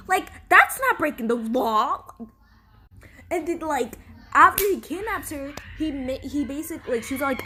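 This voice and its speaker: A woman's voice: high voice, expressive, moderate pace, pushed and bright. A young woman ranting profanely and indignantly in a casual vlog, filmed at home on her camera. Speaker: vlogger.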